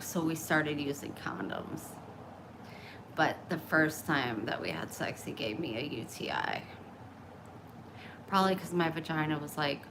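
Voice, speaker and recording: A woman's voice: deep voice, lively intonation, moderate pace, noisy background. A middle-aged woman talking bluntly and openly in a casual vlog, oversharing about her personal life. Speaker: vlogger. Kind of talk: candid casual chat.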